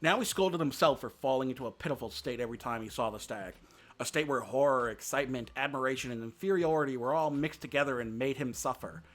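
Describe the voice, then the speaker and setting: A man's voice: mid-range voice, fast, a bit bright. A man reading a classic children's story aloud on a live stream, narrating expressively. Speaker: VTuber reader.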